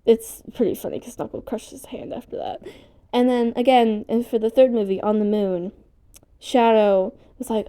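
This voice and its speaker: A woman vlogging at home in a rambling, casual way, excitable and easily sidetracked, and she swears casually. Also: a little high, moderate pace.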